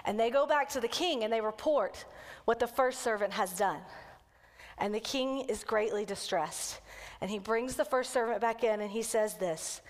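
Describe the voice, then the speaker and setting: A woman kids' pastor preaching a sermon as a lively storyteller who acts out the quotes. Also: on the high side, normal speed, big-room sound.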